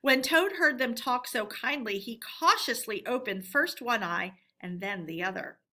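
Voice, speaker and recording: A woman reading a children's storybook aloud to a class, with gentle, expressive storytelling. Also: fairly high pitch, measured pace.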